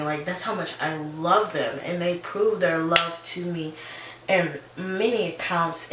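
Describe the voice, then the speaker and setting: A woman's voice: fairly low pitch, a little hiss or hum. Young woman chatting in an echoey room. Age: 20s. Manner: animated storytelling with laughs. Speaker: vlogger. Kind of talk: casual personal chat. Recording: roomy echo, slightly distant mic.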